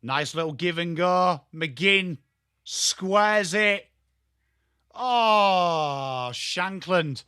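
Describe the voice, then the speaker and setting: A man's voice: high-pitched, drawn-out words, sharp tone, smooth, no room sound, clean studio sound. A man with an English accent giving live, chatty and jokey football watchalong commentary, greeting viewers by name. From England. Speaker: watchalong streamer.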